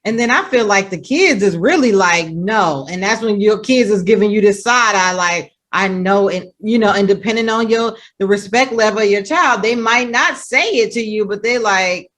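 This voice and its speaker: A woman co-hosting a talk show in lively casual chat, who often checks in with a rhetorical "right?". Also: medium pitch, normal speed, few pauses.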